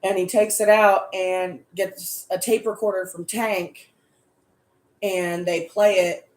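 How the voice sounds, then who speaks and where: A woman casually recapping a tabletop horror game, animated and swearing freely. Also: medium pitch, slow pace, echoey room.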